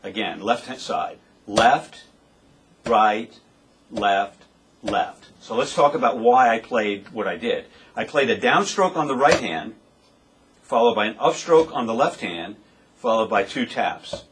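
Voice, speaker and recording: A man's voice: mid-range voice, lively intonation, normal speed, a bit bright, breathy edge. A man giving a drum lesson, explaining step by step and calling out the strokes aloud as he plays. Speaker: drum teacher. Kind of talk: demonstration lesson. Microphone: webcam. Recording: webcam recording with noticeable background noise.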